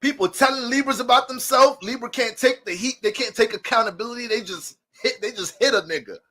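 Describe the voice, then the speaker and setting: A man's voice: extremely high pitch, fairly quick, bright, forceful tone. A man talking as an astrologer in a casual, profane and joking monologue.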